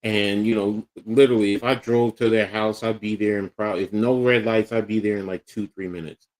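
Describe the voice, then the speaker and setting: A man's voice: on the low side, brisk. A middle-aged man with a Philadelphia accent, co-hosting a casual talk show and animatedly acting out the voices in his stories. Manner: animated storyteller acting out quotes. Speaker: podcast co-host. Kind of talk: casual storytelling chat.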